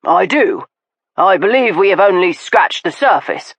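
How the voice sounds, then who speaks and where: A woman's voice: on the low side, expressive, unhurried, slightly rough, no echo, exaggerated voice. A woman reading the part of a grieving middle-aged nobleman who speaks with impassioned earnestness. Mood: earnest. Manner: impassioned, pleading.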